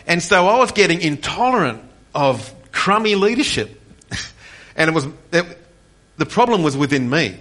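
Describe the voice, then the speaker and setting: With a slightly high, very animated voice at a moderate pace, a pastor in his forties shares his personal testimony in an impassioned sermon. His intensity builds until he's nearly shouting on the important points, and he often restarts mid-thought.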